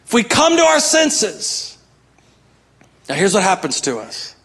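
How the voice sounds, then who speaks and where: A man's voice: high-pitched, wildly swooping pitch, measured pace, gravelly, fairly bright tone, breathy edge. A man preaching a sermon as pastor, emphatic, repeating his key phrases and calling out to the congregation.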